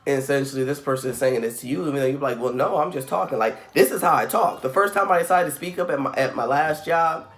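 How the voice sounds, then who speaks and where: A man's voice: mid-range voice, fast talker, few pauses, a bit bright. A man in his thirties hosting a spiritual channel, talking casually to camera at home and saying "like" constantly. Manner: rambling, says "like" constantly, acts out quoted voices. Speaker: spiritual reading channel host.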